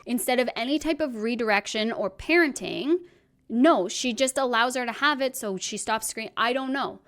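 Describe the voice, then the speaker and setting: A young adult woman hosting a commentary video, her voice sitting a little higher than most. She speaks in a scripted, pointed way and sounds critical of what she describes. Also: normal speed, fairly bright tone. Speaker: commentary channel host.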